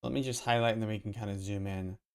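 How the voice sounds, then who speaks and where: A man's voice: fairly low pitch, steady tone, fast talker, smooth. A man casually talking through a live stream at his computer, rambling and thinking aloud as he goes. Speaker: crypto collectibles streamer. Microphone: desk mic.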